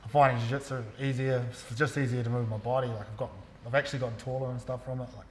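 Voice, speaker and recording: A man with a New Zealand accent, a gym coach talking casually and explaining technique in a relaxed, slangy way. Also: mid-range voice, very fast, a little hiss or hum. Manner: relaxed, slangy, lots of fillers. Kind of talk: casual interview and technique instruction. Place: gym hall. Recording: echoey gym hall.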